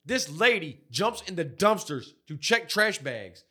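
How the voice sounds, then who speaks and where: A man's voice: a little high, big pitch swings, a little slow, breathy edge. A man, co-hosting a podcast and telling profane work stories, acting out the people he quotes. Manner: profane storyteller, acts out quotes loudly. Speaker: podcast co-host. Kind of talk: crude casual chat.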